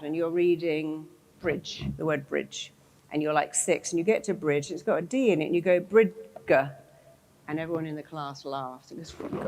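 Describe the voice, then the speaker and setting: A woman's voice: fairly low pitch, poor audio. A woman therapist giving a motivational talk to a live audience, speaking emphatically, repeating phrases for effect and acting out inner voices in quoted asides.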